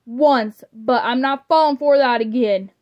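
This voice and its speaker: A woman's voice: on the high side, a little slow, close to an everyday voice. A woman voicing a stern, exasperated vampire father who blusters at his daughter, read aloud from a storybook in slightly muffled audio.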